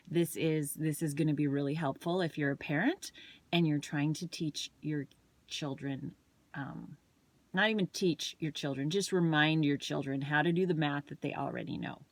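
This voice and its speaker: Slow low-voiced woman telling a story. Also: no room sound. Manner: storytelling, with a few restarts and ums. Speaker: parent and wellness coach. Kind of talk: casual chat to camera.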